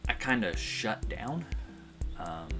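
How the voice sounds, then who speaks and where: A man's voice: fairly low pitch, big pitch swings, slow. A man telling a personal story in a vlog, in a rambling, heartfelt way with many fillers and restarts. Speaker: vlogger. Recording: music playing behind.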